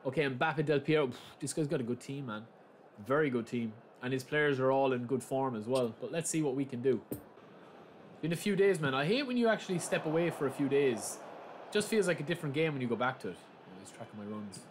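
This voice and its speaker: A young man hosting a gaming channel, talking casually through a live match and breaking into loud, excited shouts. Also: medium pitch, a little fast. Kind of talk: live gameplay commentary. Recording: steady background noise.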